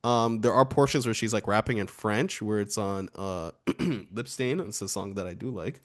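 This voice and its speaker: A man's voice: on the low side, normal speed. A man co-hosting an album review show, chatting casually and laughing often as he reads lyrics aloud. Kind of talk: casual music review chat.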